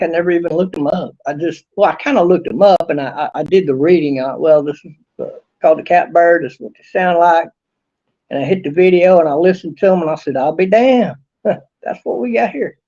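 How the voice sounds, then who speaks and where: A man with a gravelly, fairly high voice chats in a rambling, folksy way, full of drawn-out fillers. He records outdoors behind a house. The sound is dull and lo-fi. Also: dark tone. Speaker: vlogger. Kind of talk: casual outdoor vlog.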